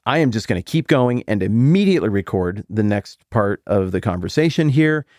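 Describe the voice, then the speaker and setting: A middle-aged man hosting a Bible podcast, teaching in a casual, animated way with jokey asides and sudden high jumps when he quotes people. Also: moderate pace, no room sound, clean studio sound. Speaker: podcast host.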